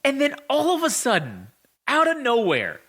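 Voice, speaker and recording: A man co-hosting a casual podcast chat, telling stories in an animated, profane way. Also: very high voice, normal speed, breathy edge. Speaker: podcast co-host.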